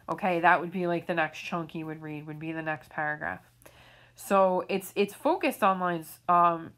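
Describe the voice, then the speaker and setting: A woman's voice: fairly low pitch, fairly bright tone. A woman teacher walking students through reading questions in a recorded lesson, patient and explanatory, often checking in with "okay?". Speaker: English teacher. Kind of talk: recorded remote lesson walkthrough.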